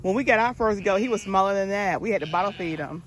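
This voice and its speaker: A woman's voice: mid-range voice, quick pace, slight background noise. A woman, chatting and coaxing kids to feed animals at an outdoor petting zoo. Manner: cooing, coaxing, points things out. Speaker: vlogger. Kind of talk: casual chat on a farm visit.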